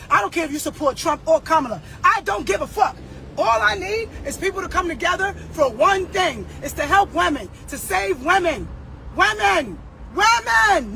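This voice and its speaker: A hoarse woman, a singer, ranting emphatically and profanely, often shouting. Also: sits high, a little hiss or hum. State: hoarse, losing her voice. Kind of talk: social media rant.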